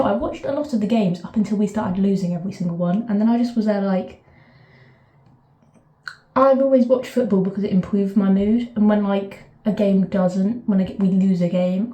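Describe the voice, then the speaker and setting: Mellow-voiced woman vlogger, roomy echo. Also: medium pitch, fairly quick. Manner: rambling, chatty, frequent "like" fillers and self-corrections. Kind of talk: casual chat to camera.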